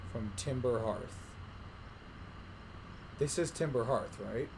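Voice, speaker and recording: A man's voice: mid-range voice, takes it slowly, background noise. A man giving casual commentary while playing a game, muttering wryly to himself. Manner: muttering, wry, talking to himself. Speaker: gamer.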